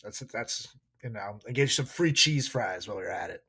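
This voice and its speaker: Lively, animated podcast host guy. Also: lowish voice, normal speed, husky. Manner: animated, profane, laughs often. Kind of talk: casual podcast chat.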